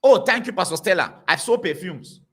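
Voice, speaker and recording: A man preaching to a congregation, telling stories in an animated, repetitive way. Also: high-pitched, fairly quick. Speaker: pastor.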